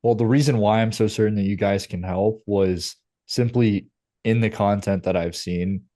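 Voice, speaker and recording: A man playing a prospect in a sales practice call, earnest and halting, often repeating words. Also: lowish voice, fairly even intonation, warm tone, no echo, clean studio sound. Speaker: trainee acting as a prospect. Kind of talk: sales call role-play.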